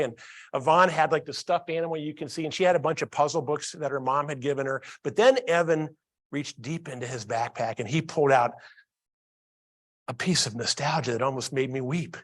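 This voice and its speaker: A man's voice: fairly high pitch, fairly quick. Man telling stories to a training audience. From Columbus, Ohio. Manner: engages audience with questions. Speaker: workplace training speaker. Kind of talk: storytelling keynote talk.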